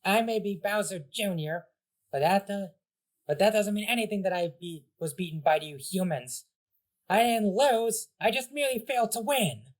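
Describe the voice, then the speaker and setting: A man's voice: sits high, moderate pace, pitched above the performer's own voice, close to an everyday voice. A man voicing a proud, whiny little male villain creature who sulks childishly after losing. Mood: indignant. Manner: indignant, childish sulking.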